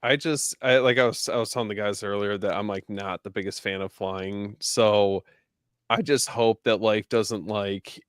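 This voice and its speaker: A podcast guest in casual chat, laid-back and trailing off mid-thought. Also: male voice, on the low side, a bit bright, clean tone, dry recording, clean studio sound.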